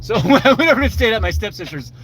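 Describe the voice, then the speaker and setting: A man's voice: high-pitched, very animated, quick pace, a bit bright, a little hiss or hum, poor audio. An older man rambling in a casual live-stream chat while driving, swearing freely and talking to his viewers by name.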